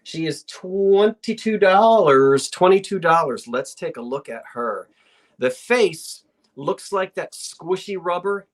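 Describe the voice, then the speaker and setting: Woman, live sale host, chatty and rambling, lively up-and-down pitch. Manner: chatty, rambling, full of asides. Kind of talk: casual live auction chat.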